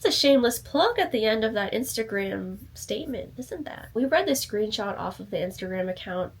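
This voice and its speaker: A woman's voice: medium pitch, husky. A woman hosting a casual commentary video, reading out comments and reacting to them. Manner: chatty, reads comments aloud and reacts. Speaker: commentary channel host.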